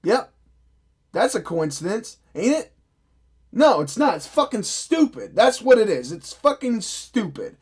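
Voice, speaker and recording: A man's voice: high voice, big pitch swings, measured pace, breathy edge. A young man delivering a profane, sarcastic, exasperated movie review rant. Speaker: film reviewer. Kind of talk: ranting vlog review.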